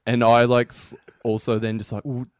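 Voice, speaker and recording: A young Australian man telling a story in animated, sweary casual podcast chat. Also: medium pitch, moderate pace, clean tone, dry recording, studio quality.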